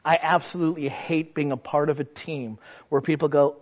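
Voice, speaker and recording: A pastor with a fairly high voice gives a sermon to his congregation in a relaxed, folksy style, rattling off rhetorical questions at normal speed. The recording is dull and lo-fi.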